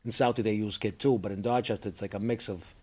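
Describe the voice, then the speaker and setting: Chatty stand-up comic. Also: male voice, on the low side, steady tone, fast talker. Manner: chatty, eager, talks over others. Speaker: stand-up comedian guest. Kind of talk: casual interview chat.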